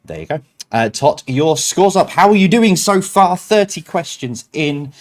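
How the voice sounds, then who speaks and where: A man's voice: fairly high pitch, expressive, unhurried. A man hosts a quiz night over a stream. He reads each answer in a chatty, easygoing way. He breaks off now and then with self-mocking remarks. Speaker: quiz host.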